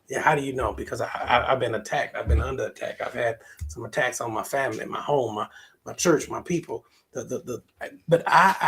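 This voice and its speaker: A man's voice: medium pitch, gravelly, fairly bright tone, slight background noise. A man preaching a sermon as pastor, with speech, drawing out scripture quotes and talking back and forth with the congregation. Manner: preaching with call-and-response asides, quoting scripture in a drawn-out sing-song.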